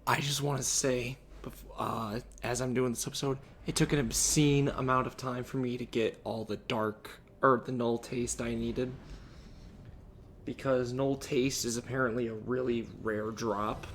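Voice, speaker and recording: A man's voice: mid-range voice, level tone, unhurried, a little hiss or hum. A sick man hosting a casual let's-play, rambling and losing his train of thought as he plays. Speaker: gaming let's-play host. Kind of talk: casual gameplay commentary.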